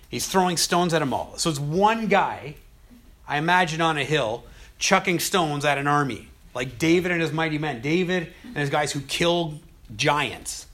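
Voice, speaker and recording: A man teaching a casual Bible study, retelling scripture with conversational, animated storytelling. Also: a little high.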